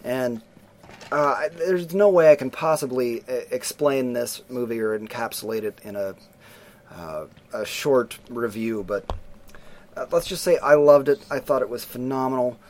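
Middle-aged male co-host, casual film-review chat, lively storyteller who acts out scenes. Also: mid-range voice, normal speed.

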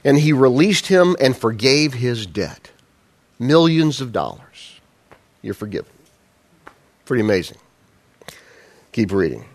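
A man's voice: medium pitch, sing-song, measured pace, long pauses. A man preaching a sermon in a conversational style, asking the congregation rhetorical questions. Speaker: pastor.

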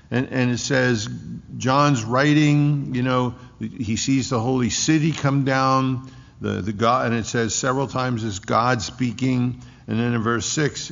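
A pastor's sermon from a man with a gravelly, creaky voice, pressing each point home by repeating it. His words ring through a large church hall with a long reverb. The recording itself sounds dull and lo-fi. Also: mid-range voice, a bit bright. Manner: emphatic, repeating key phrases. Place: church sanctuary.

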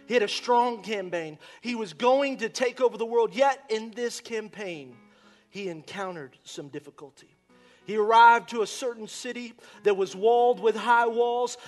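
A male pastor preaching a sermon with passion, swinging from shouts down to near-whispers. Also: very high voice, normal speed, faint music behind.

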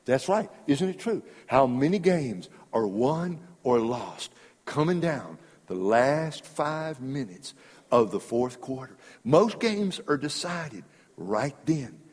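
Older male preacher, husky, lively storytelling sermon, big hall reverb. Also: mid-range voice, takes it slowly. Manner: animated storyteller, acts out dialogue. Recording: long reverb in a large hall.

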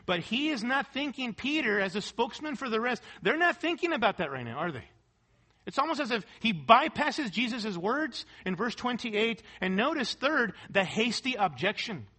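A man's voice: sits high, sharp tone. A male pastor preaching a sermon, asking the congregation for amens and posing rhetorical questions as he reads scripture. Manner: preaching with call-and-response "amen" and rhetorical questions; reads scripture and quotes aloud, sometimes half-singing a hymn.

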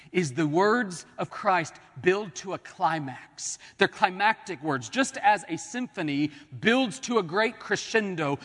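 A man delivers a sermon, his voice sitting high for a man. He stretches key words slowly, sinks almost to a whisper, then rises into loud declarations. The sound carries a long reverb from a church sanctuary. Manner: dramatic preaching, swelling and dropping to near-whispers. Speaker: pastor.

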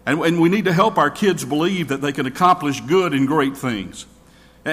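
A man's voice: a little high, a bit bright. A man preaching a sermon in an earnest way, often repeating his first words as he begins a thought. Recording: long reverb of a large hall.

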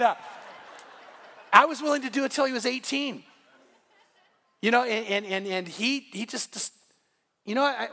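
A middle-aged man preaching from the pulpit with a high, bright, ringing voice. He tells stories with animation and acts out the voices of God and biblical figures. His words carry a long reverb through a church hall. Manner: animated storytelling, voicing God and Bible figures. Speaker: pastor. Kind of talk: sermon. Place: church sanctuary.

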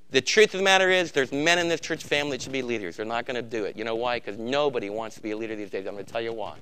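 Bright, clear-voiced preaching man. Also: mid-range voice. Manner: preaching with sharp swings from loud emphatic bursts to quiet intensity. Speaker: pastor. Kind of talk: sermon.

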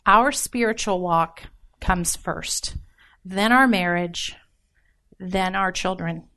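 A woman's voice: fairly low pitch, slow, pushed and bright. A woman giving a casual, joking sermon on marriage, talking straight to her audience and asking for responses. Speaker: women's ministry speaker. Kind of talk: informal sermon.

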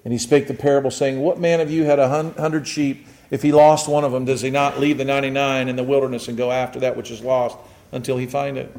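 A man preaching a sermon, reading scripture and acting out scenes with shouts and excitement. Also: medium pitch, fast, vocal fry. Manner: animated, shouts and acts out joyful voices. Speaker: pastor.

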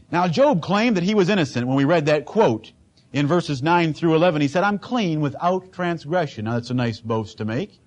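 A man preaching a sermon as pastor, emphatic and dramatic, acting out the lines he quotes. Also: fairly high pitch.

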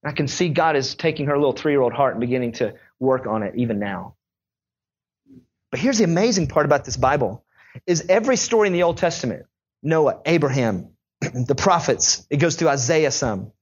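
A young male pastor preaching a sermon in a conversational, animated storytelling way. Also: medium pitch, normal speed, breathy edge, highs cut off.

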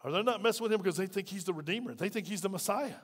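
A man with a fairly high voice delivers a conversational sermon, wearing a lapel mic. He acts out the scripture quotes with sudden loud bursts, then drops to quiet asides. The sound carries the long reverb of a church hall. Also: very fast, slightly rough. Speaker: pastor.

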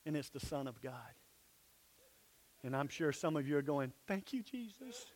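A pastor preaching a sermon in a church, emphatic, sometimes dropping to soft, low asides. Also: male voice, steady tone, normal speed.

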